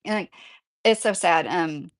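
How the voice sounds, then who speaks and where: A woman's voice: fairly low pitch, unhurried. A middle-aged woman livestreaming, chatting casually with her viewers in a rambling, earnest way and filling her talk with "like". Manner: rambling and earnest, heavy use of "like". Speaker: livestreamer reading chat.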